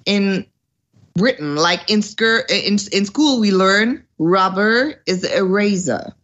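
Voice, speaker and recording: A woman's voice: mid-range voice, expressive, slow pace, a bit bright. German-accented woman telling stories. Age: 30s. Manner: chatty storyteller, laughs often. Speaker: guest. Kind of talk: casual talk-show chat. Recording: dull lo-fi audio.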